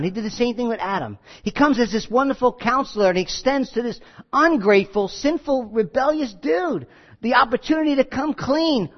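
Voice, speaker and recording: A man preaching a sermon, animated and acting out the voices he quotes. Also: extremely high pitch, brisk. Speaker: pastor. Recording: dull lo-fi recording with long hall reverb.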